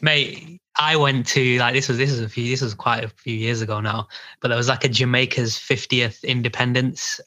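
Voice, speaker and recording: Man in his thirties, bright voice, dry close sound, chatty and animated. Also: medium pitch, moderate pace, no echo. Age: 30s. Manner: animated, full of fillers like "like". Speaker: podcast co-host. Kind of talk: casual chat.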